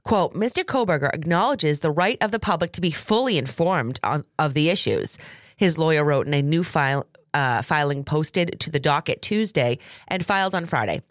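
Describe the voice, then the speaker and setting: A woman with a Massachusetts accent, co-hosting a true crime podcast in a casual chatty way. Her pitch sits a little low but swings around a lot as she talks. The sound is dry and close to the mic. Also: lively intonation, normal speed, dry recording. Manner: chatty, reads articles aloud with asides. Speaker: podcast co-host.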